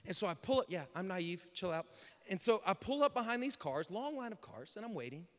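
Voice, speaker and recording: A male pastor telling a story in a sermon, animated and acting out dialogue with sudden shouts. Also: high-pitched, brisk. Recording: long hall reverb.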